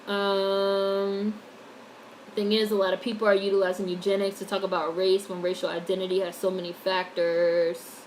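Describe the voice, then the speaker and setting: A woman's voice: mid-range voice, a little hiss or hum, poor audio. An American woman giving blunt, opinionated casual commentary on a livestream, swearing freely as she reads and answers chat. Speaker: YouTube commentator reading chat.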